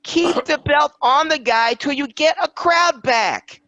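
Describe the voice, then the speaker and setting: A man's voice: very high voice, measured pace, pushed and bright, no echo. Exasperated man ranting, dry dull sound. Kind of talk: casual wrestling podcast chat.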